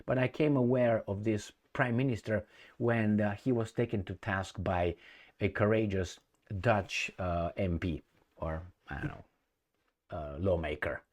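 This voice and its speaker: Rambling low-voiced male commentator. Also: a little slow. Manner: rambling, with many restarts and bursts of raised emphasis. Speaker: political commentator. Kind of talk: casual opinion commentary.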